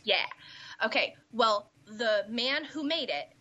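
A woman in a casual chat, excitable and freely swearing. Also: on the high side, slow pace, dull audio. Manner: excitable and profane.

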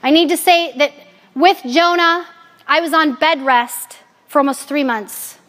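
A woman in her forties gives a personal faith talk to a gathered audience. Her voice sits high, and she speaks candidly and with animation, mixing in jokes. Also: measured pace, fairly bright tone. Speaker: Catholic speaker.

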